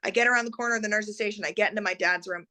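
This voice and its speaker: A woman guest telling a personal story in a lively way, acting out the voices of the people she quotes. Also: mid-range voice, racing. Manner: animated, acts out quoted voices.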